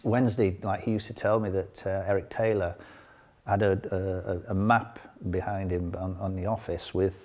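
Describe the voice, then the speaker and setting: A man's voice: sits low, fairly even intonation, normal speed, darkish tone. Older man telling stories. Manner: rambling anecdotes with frequent laughter. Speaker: interview guest, former footballer. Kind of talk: casual storytelling interview.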